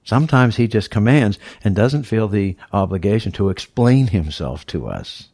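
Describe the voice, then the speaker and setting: A man's voice: on the low side, lively intonation, moderate pace, darkish tone, no echo. A male pastor preaching a sermon, teaching verse by verse in an emphatic, explaining way. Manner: teacherly, emphatic, walks through scripture verse by verse.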